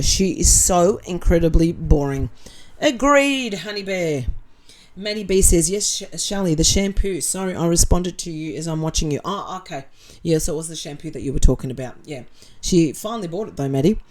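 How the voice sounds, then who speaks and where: With a warm voice on the low side, an Australian woman runs a casual livestream. She reads out what viewers write and responds in a blunt, sarcastic way, cursing freely.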